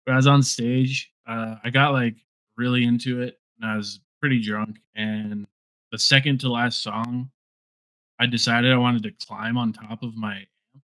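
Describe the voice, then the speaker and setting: Laid-back bright-voiced man, hesitant. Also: mid-range voice, little pitch movement, measured pace, dry recording. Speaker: musician guest. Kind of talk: casual chat.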